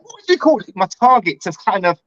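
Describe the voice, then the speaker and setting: A man's voice: high voice, sing-song, quick pace, fairly bright tone, no room sound, lo-fi sound. A middle-aged man talking in a casual chat, earnest and heartfelt, with lots of slang.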